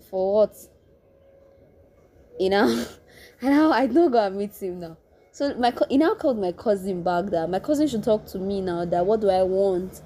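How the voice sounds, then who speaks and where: Nigerian woman, twenties, warm mellow voice, laughing storyteller, casual chat. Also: medium pitch, slight background noise. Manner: animated, laughs often, frequent restarts.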